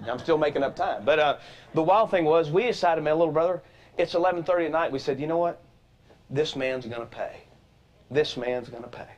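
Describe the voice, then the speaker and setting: Fast-talking animated male talk show host. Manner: animated, folksy, acts out quotes with shifting pitch. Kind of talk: energetic storytelling monologue. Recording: dull lo-fi TV sound.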